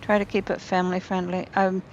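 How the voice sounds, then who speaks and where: This game stream comes from a woman's apartment, where she chats casually with viewers and thinks out loud as she builds. She speaks briskly in a lowish, creaky voice with flat delivery, and the recording has its highs cut off and a little hiss or hum.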